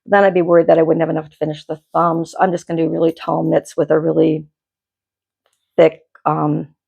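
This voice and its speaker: Gravelly low-voiced woman chatting casually. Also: level tone, fairly quick, warm tone, lo-fi sound. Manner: chatty and rambling, with frequent restarts. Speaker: knitting podcast host. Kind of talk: casual chat. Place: home dye studio.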